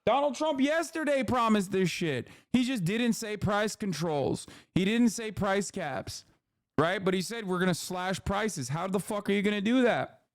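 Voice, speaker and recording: A man's voice: high voice, animated, normal speed, dry recording, clean studio sound. Profane, sarcastic male political streamer. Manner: profane, sarcastic, mocking impressions. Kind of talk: live-stream reaction commentary.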